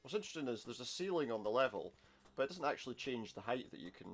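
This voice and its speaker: Over game music, a male gameplay commentator talks fast and animatedly in a mid-range voice. He's doing a casual let's-play of a retro game, tossing off wry jokes and muttering asides to himself.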